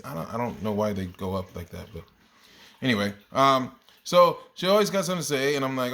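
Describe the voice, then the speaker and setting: Speaking fairly quickly in a very animated, fairly bright mid-range voice, a male kindergarten teacher tells stories about his class in a casual video diary. He rambles, corrects himself and laughs at his own tales.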